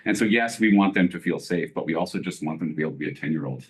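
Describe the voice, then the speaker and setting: A man speaking as a parent at a school board committee meeting, earnest and halting, with many fillers and restarts. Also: deep voice. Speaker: parent giving public comment. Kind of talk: emotional public comment at a meeting.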